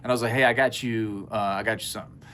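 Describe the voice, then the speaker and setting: A man's voice: on the low side, rapid-fire, slight background noise. Guy, middle-aged, earnest rambling storyteller for a casual podcast. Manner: rambling, earnest, animated when quoting people. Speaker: podcast co-host. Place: indoor studio space at a co-op.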